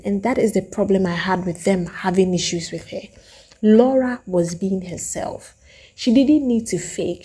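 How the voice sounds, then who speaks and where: A woman with a Ghanaian English accent giving an opinionated, animated review of a reality show, acting out the lines she quotes. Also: medium pitch, slightly rough.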